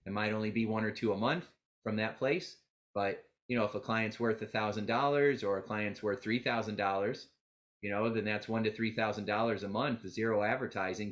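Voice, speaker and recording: Man, lowish voice, live seminar speaker, energetic, storytelling, acts out quotes. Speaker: coach and seminar presenter. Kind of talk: live motivational seminar talk.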